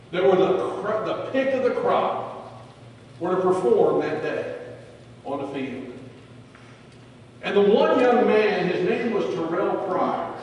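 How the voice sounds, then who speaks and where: Male pastor, storytelling sermon voice, fairly high, distant echoey church recording. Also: a little hiss or hum. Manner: storytelling, swings from loud to hushed. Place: church sanctuary. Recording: echoey church hall, from far off.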